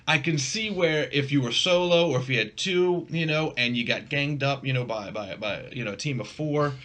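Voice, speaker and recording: A man co-hosting a casual podcast chat, animated and quick to laugh. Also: mid-range voice. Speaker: podcast co-host.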